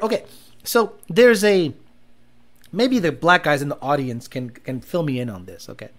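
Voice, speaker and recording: A livestream host in casual chat, reading out viewer comments and telling stories with lots of laughter and swearing. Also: medium pitch. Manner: animated storytelling, frequent laughter, profane.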